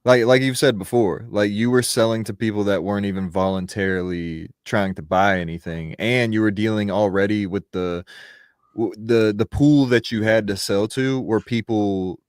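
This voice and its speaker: A man chatting casually on a podcast, answering in a laid-back, measured way. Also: fairly low pitch, fairly even intonation, clear, resonant tone, no room sound, studio quality.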